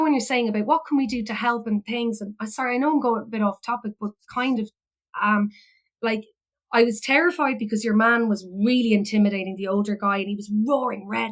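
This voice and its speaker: A woman's voice: a little high, a bit bright, rough recording. An Irish woman, a philosophy educator, telling a personal story in a rambling way, full of fillers and restarts. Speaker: podcast guest, philosophy educator.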